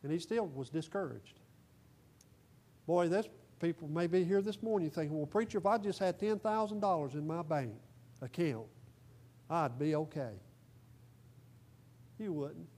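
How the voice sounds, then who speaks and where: A man preaching a sermon to his congregation, repeating phrases for emphasis and swinging between soft asides and loud declarations. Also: a little high, a little slow, long pauses. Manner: folksy, repeats phrases for emphasis, rises and falls in volume. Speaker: pastor. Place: church.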